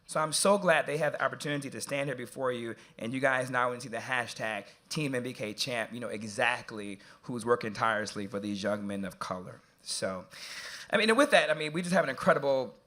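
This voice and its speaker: A man moderating a live event, telling an animated, jokey story to the audience that turns quiet and earnest. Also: medium pitch, fairly quick.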